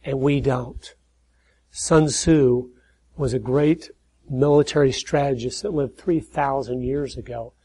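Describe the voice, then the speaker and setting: Husky, mellow-voiced man preaching earnestly. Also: steady tone, slow, rough recording. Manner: earnest, builds to emphatic peaks then drops low. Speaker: speaker at church and conservative conferences. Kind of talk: preaching talk with storytelling.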